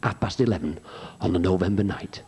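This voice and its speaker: A man telling rambling stand-up jokes on a theatre stage, pausing with ums and jumping into shouted character voices. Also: breathy edge. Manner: rambling, hesitant, full of ums between jokes; jumps into high shouted character voices for punchlines. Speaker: stand-up comic at a charity show.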